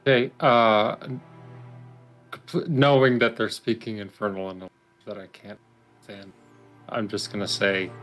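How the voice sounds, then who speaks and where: A man playing a tabletop game, relaxed and stating his character's actions plainly. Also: on the low side, measured pace, pauses often, faint music behind. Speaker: player. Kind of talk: casual tabletop game chat.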